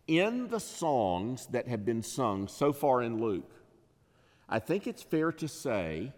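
A man preaching an expository sermon, measured and emphatic, rising in pitch and volume on key phrases. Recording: long reverb of a large hall.

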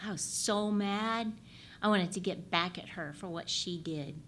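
Woman as patient gentle dad, reassuring tone, role-play. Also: on the low side, measured pace, slight background noise. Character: calm, patient, empathetic father.

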